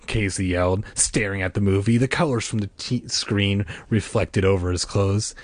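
A man reading a story aloud in an expressive way, breaking in with deadpan comic asides. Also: fairly low pitch, moderate pace, hardly any pauses, no room sound. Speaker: narrator.

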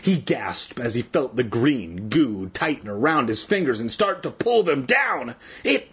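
A man's voice: medium pitch, big pitch swings, unhurried, a bit bright, breathy edge. A man reading a children's story aloud, dropping irreverent, crude joking asides. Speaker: reader. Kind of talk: comedic storybook read-aloud.

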